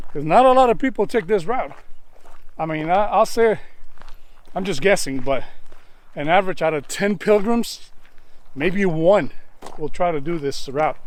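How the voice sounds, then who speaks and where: Winded man vlogging on a mountain climb. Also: high-pitched. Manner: huffing, enthusiastic, talks to viewers while hiking. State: out of breath. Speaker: travel vlogger. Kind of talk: walking vlog narration. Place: outdoors on a mountain trail.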